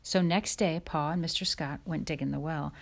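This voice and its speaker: A woman reads a chapter book aloud in a measured, soft storytelling voice. Her pitch sits a little low for a woman. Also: steady tone, creaky. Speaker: audiobook narrator. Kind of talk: audiobook reading.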